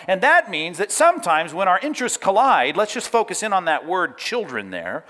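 Animated male preacher with lively pitch. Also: moderate pace, few pauses. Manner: animated preaching with acted-out quotes and asides to note-takers. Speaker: pastor. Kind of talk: sermon.

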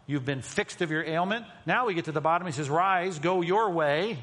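A pastor preaching a sermon, emphatic, moving between loud stresses and hushed asides. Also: male voice, a little high, moderate pace, few pauses. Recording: long reverb of a large hall.

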